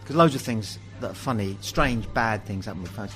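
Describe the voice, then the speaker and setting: This English host of a pub podcast has a lowish voice and a brisk delivery, spinning lively, funny stories and voicing the dialogue himself. Soft background music plays, and the recording is rough.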